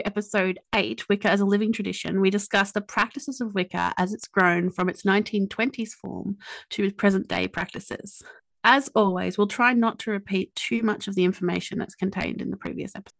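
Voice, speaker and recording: A woman with an Australian accent hosting a podcast, chatty and quick to joke at her own expense. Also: medium pitch, creaky, dry recording. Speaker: podcast host. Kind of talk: casual podcast chat and scripted intro.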